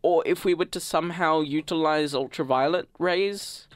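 A man's voice: a little high, smooth, dry recording. Casting: young man, radio co-host, rambling goofy banter, dry studio sound. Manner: goofy, rambling, quick bursts of speech.

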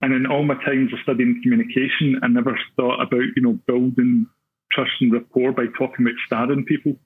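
A man's voice: medium pitch, level tone, a little fast, husky. A young Scottish man with a Glaswegian accent, telling a long story casually as a podcast guest, full of fillers and self-deprecating asides. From Scotland. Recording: tinny phone-like line.

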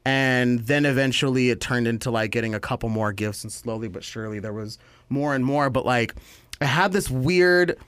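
A young man spins a rambling story, dotted with "like" and little acted-out voices. His pitch sits in the middle and the sound is dry and close. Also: moderate pace, a bit bright, clear, resonant tone, no echo. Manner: rambling storyteller, many filler likes, acts out voices. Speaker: podcast co-host. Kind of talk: casual chat.

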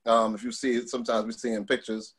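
A middle-aged man from Long Island, telling stories in a casual interview, animated, with many fillers and restarts. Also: mid-range voice, a little fast, slightly rough. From Long Island, New York. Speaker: guest.

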